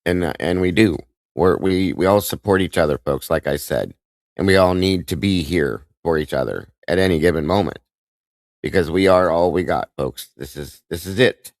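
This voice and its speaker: A man with an extremely deep, low voice hosts a live stream, talking in an emotional, halting way and often restarting his sentences. He greets his viewers one by one by name. The sound is dry and close, with almost no room echo. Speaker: livestream host.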